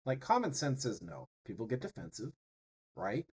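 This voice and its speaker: A man teaching a class in an easygoing, talky way. His voice sits at an ordinary middle pitch, and he keeps checking in with his listeners as he goes. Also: sing-song, normal speed, a little mellow, husky, poor audio. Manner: conversational, many fillers and tag questions. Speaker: instructor. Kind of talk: classroom lecture.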